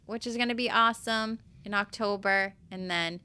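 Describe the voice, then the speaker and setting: A woman's voice: medium pitch, moderate pace, pushed and bright, clear, resonant tone. A woman with a Boston accent, a yoga and breathwork teacher talking as a guest in a casual interview. She speaks candidly, rambles a little and swears freely.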